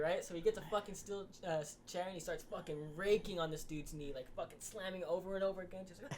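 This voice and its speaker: A man's voice: sits high, fast talker, hardly any pauses, mellow, a little hiss or hum. A man co-hosting a casual podcast, ranting with heavy swearing and acting out quotes. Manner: heavily profane, ranting, acts out wrestler quotes. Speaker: podcast co-host.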